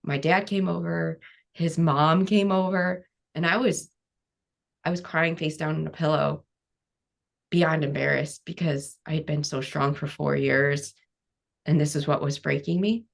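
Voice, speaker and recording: A woman's voice: low voice, fairly even intonation, measured pace, gravelly. A woman guest on an interview podcast, a cancer coach telling her story frankly, quoting her past self and using many "like" fillers.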